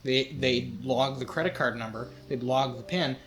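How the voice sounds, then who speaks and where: A man's voice: mid-range voice, moderate pace. A young man co-hosting a student podcast, joking and telling stories in casual chat. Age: young adult. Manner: joking, animated storyteller. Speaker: podcast co-host, engineering student.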